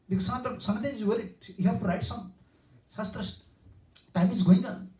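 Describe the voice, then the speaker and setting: This older spiritual teacher talks fast in a high voice, pausing often, as he lectures through stories in a temple hall. The sound is distant and echoey. His non-native English is simple and repetitive, turning animated for quoted characters.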